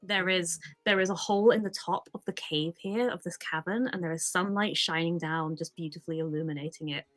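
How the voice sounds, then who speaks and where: A woman's voice: on the low side, a little fast, hardly any pauses, fairly bright tone. A woman narrating a tabletop role-playing game as game master, playful and laughing often.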